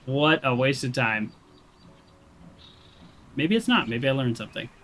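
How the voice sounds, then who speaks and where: A man's voice: mid-range voice, animated, measured pace, fairly bright tone, slight background noise. A man casually commenting while playing a video game, chatty and self-deprecating, thinking aloud with fillers and restarts. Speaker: gaming streamer. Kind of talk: casual let's-play commentary.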